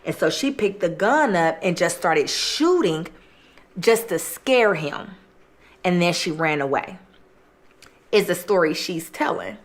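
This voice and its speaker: Lowish woman voice, rambling through a crime story while eating, lots of "like". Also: expressive, unhurried. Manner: chatty, full of "like" and retold quotes. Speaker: mukbang and true-crime host.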